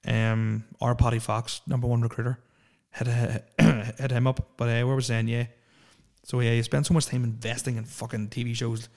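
A man's voice: mid-range voice, flat delivery, normal speed, a little mellow. A man, hosting a solo podcast and ranting in a profane, opinionated, rambling way. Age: 30s. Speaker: podcast host.

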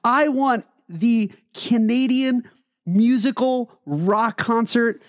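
Excitable male co-host, casual, dry close-miked sound. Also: very high-pitched, slow, dry recording. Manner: excitable, enthusiastic. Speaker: podcast co-host. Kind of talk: casual chat.

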